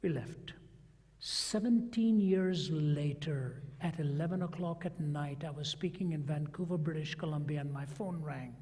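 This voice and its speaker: A man's voice: on the high side, unhurried, slightly rough. An older man preaching a sermon, telling stories and acting out the voices of the people in them. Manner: animated storyteller who acts out quoted voices. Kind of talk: sermon storytelling. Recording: long hall reverb.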